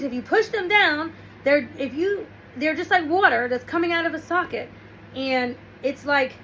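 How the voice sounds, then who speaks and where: A woman with a high voice talks loosely and conversationally, often restarting sentences as she wanders through a story. Faint noise sits under the recording. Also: bright, forceful tone, rough recording. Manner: rambling, restarts, storytelling with quoted asides. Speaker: host. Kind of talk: casual advice talk.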